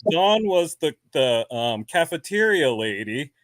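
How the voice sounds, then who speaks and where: A man's voice: a little high, a little slow, no echo. A man from New Jersey with a New Jersey accent, a guest beekeeper chatting casually and acting out the voices of the people in his stories. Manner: animated storyteller, acts out quoted voices. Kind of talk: casual chat.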